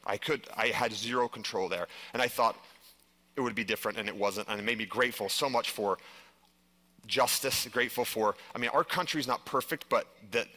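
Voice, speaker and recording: A man speaks to a live audience in a bright, forward voice. He tells his story with animation and fills his talk with "like". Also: medium pitch, fairly quick. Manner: animated storytelling, heavy use of "like". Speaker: conference speaker. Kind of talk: live stage presentation.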